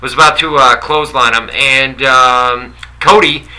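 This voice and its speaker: A man's voice: medium pitch, steady tone, unhurried, sharp tone, a little hiss or hum, poor audio. A man with a New York accent co-hosting a casual wrestling podcast, talking loosely with lots of fillers. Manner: loose, rambling, many fillers. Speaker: podcast co-host.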